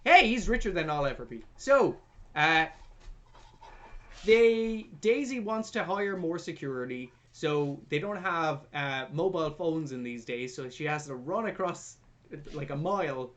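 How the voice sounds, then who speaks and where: A young man hosting a podcast, retelling a film plot in a jokey, sweary, animated way. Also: fairly high pitch, unhurried. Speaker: podcast host. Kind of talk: casual film review chat.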